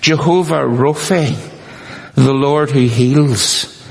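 A man's voice: mid-range voice, drawn-out words, gravelly, breathy edge. A male preacher giving a sermon, repeating phrases for emphasis and joking with the congregation. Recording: long reverb of a hall.

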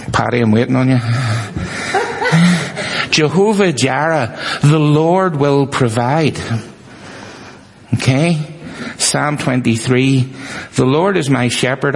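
A man's voice: mid-range voice, breathy edge. A male preacher giving a sermon, repeating phrases for emphasis and joking with the congregation. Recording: long reverb of a hall.

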